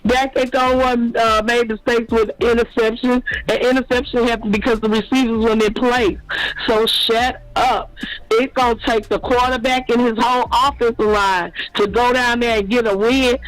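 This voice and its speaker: A man's voice: very high-pitched, a bit bright, dry recording, rough recording. A man hosting a sports channel, ranting and trash-talking as a fan, taunting and petty toward rival supporters.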